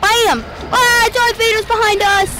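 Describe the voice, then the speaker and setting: Excitable high-voiced woman gaming host. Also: a little hiss or hum. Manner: excitable, playful, quick to shout and mimic characters. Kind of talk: let's play commentary.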